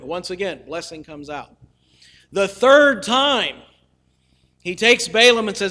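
A man's voice: sits high, lively intonation, a little slow, pushed and bright. A male preacher telling a scripture story in a folksy, humorous way, with casual asides to the listeners. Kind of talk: storytelling sermon.

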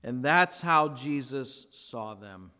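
A pastor preaching a sermon in a slow, conversational way, slipping into playful voiced asides when he retells a story. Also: mid-range voice, lively intonation, sharp tone, smooth, big-room sound.

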